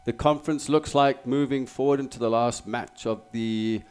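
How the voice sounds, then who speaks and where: Upbeat South African sports radio host. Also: male voice, medium pitch, fairly even intonation, normal speed, a little mellow, clear, resonant tone. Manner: upbeat, laughs easily.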